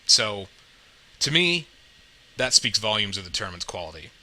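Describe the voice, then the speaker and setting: Male podcast host, low voice with a bright, forceful edge, chatty and upbeat. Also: big pitch swings, moderate pace, low-quality recording. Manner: chatty, upbeat, tags sentences with "right?". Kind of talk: casual podcast chat.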